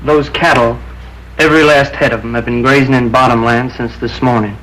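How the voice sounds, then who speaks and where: A man's voice: medium pitch, steady tone, fairly quick, pushed and bright, close to an everyday voice, low-quality recording. A cocky youngest ranch son, played by a man with a mid-range voice and a teasing, playful way of talking. Faint hiss runs under the old soundtrack.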